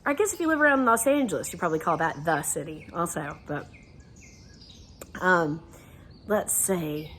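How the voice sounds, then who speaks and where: A woman's voice: lowish voice, lively intonation, normal speed, pauses often, a bit bright, slight background noise. A middle-aged woman with a Southern American accent from Atlanta, leading a guided laughter session in a chatty, folksy way, laughing often.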